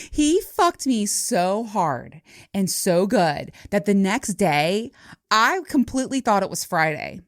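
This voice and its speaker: A woman's voice: medium pitch, dry recording, clean studio sound. A woman in her forties hosting a podcast, telling stories in a casual, profane way and laughing often. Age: 40s. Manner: laughing, profane, animated storytelling. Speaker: podcast host. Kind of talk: casual solo storytelling.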